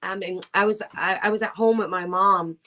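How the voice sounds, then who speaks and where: A middle-aged woman sits for a casual interview and tells her stories with animation, voicing the people in them. She speaks at an ordinary pitch, and the sound comes through a video call. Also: moderate pace. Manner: animated, acts out quoted voices with big jumps. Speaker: guest singer.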